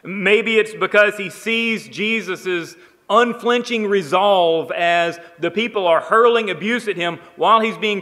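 A man preaching a sermon, emphatic, building on repeated phrases and swinging between quiet, slow lines and raised ones. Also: high voice, big-room sound. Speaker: pastor.

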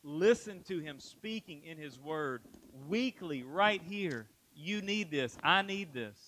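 A man's voice: on the high side, animated, slow pace, fairly bright tone, slight background noise, poor audio. A man preaching a sermon to his church, emphatic, repeating phrases and asking rhetorical questions. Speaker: pastor.

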